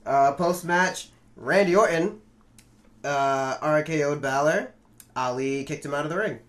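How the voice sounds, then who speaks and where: Young male podcast host, higher-pitched, swears freely, animated joking recapper. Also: unhurried. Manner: profane, joking, animated storyteller. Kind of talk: casual podcast chat.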